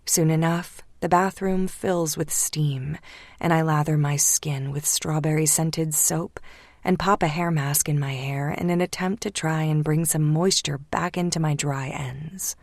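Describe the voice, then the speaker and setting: Low-voiced woman narrating hushed. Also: fairly even intonation, measured pace, no echo, clean studio sound. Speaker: audiobook narrator. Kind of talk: first-person romance audiobook narration.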